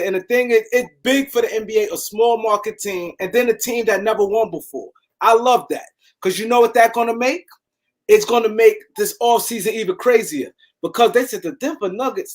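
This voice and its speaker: Man, high voice, live-stream sports host, animated, stumbles and repeats words. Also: normal speed. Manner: animated, repeats words, shouts out viewers by name. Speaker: show host.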